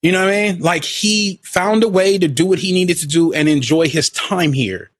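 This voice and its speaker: A man's voice: high-pitched, moderate pace, no echo. A man in casual podcast chat who tells a story with animation and acts out the people he quotes. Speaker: podcast co-speaker.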